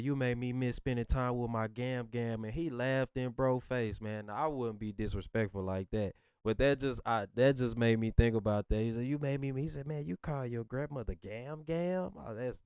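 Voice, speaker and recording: A man's voice: lowish voice, darkish tone, clear, resonant tone, no echo. Guy reacting to rap tracks, chill and rambly, dry close sound. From Southern United States. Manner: laid-back, rambling, full of "you know what I'm saying". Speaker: music reaction host. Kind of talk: casual reaction commentary.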